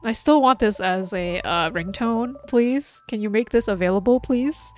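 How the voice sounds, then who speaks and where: A woman's voice: on the high side, normal speed, faint music behind. A woman streaming a game, chatting casually and reading its dialogue aloud, often trailing off and restarting her sentences.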